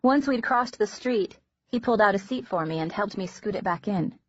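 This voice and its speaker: Woman, audiobook narration, measured and gentle, dry close sound, dull lo-fi audio. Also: medium pitch, expressive, husky, no room sound. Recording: dull lo-fi recording.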